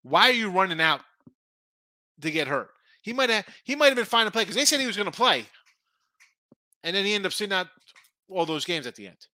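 A man's voice: high-pitched, very animated, brisk, long pauses, bright, forceful tone, no echo. Middle-aged male betting host, rambling and opinionated, dry close sound. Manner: rambling, opinionated, with frequent restarts. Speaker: sports betting show host. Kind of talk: casual sports betting talk.

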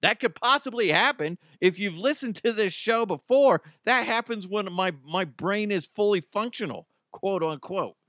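A man's voice: high-pitched, lively intonation, normal speed, few pauses, a bit bright, no room sound, clean studio sound. A middle-aged man hosting a casual news podcast, slightly under the weather, rambling, joking and swearing freely. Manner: rambling, jokey, swears freely, laughs at his own jokes. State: slightly sick. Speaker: podcast host.

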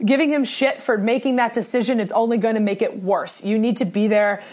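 A young woman co-hosts a sports podcast, rambling earnestly and restarting her sentences often in casual talk. Her voice is a little high and a little mellow, brisk, with a steady tone.

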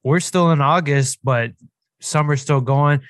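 A young man co-hosting a podcast, talking in a relaxed, easygoing way. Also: a little high, unhurried, no room sound, clean studio sound. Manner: relaxed, many fillers and restarts. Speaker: podcast co-host. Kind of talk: casual podcast chat.

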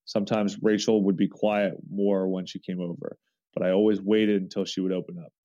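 Man, low pitch, dark mellow voice, reading a story aloud, earnest, dull lo-fi sound. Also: little pitch movement, brisk, no echo. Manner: earnest first-person storytelling with frequent restarts.

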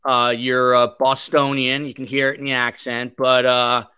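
Reading viewer comments aloud on his podcast livestream, a man chats casually with lots of filler words. His mid-range voice is smooth yet sharp in tone, with flat delivery at a moderate pace, and there's no echo.

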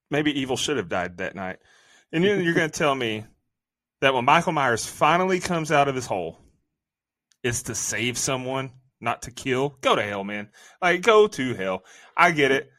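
A man's voice: mid-range voice, expressive, a little slow, long pauses, pushed and bright, dry recording, clean studio sound. A man co-hosting a casual movie review podcast, venting in a profane, exasperated rant. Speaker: podcast co-host.

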